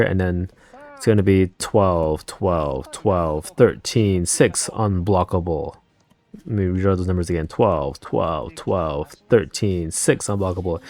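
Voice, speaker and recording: Low and somewhat dark in tone, a man who makes card game videos on YouTube reacts live and casually to a match. His commentary wanders as he thinks out loud and slips into chatty tangents.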